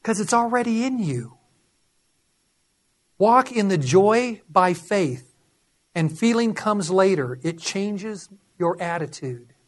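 A man preaching a sermon as pastor, animated and acting out voices as he goes. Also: high voice, slow pace, long pauses.

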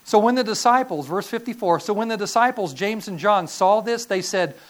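A middle-aged man preaching a sermon, telling stories in an animated, folksy way with sudden loud bursts and quiet drops. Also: high voice, a little fast. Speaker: pastor.

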